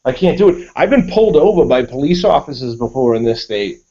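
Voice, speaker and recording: A man from Massachusetts telling stories on a group video call, animated and full of swearing. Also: mid-range voice, brisk. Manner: profane, animated storytelling. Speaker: panelist. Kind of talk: casual storytelling on a group call. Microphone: online video call. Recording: dull lo-fi call audio.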